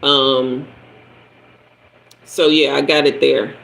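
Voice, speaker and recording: Slow-talking man telling a story. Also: medium pitch, flat delivery, creaky, fairly bright tone, low-quality recording. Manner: chatty, personal storytelling, answers viewers by name. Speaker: livestream host, tarot reader. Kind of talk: casual livestream storytelling.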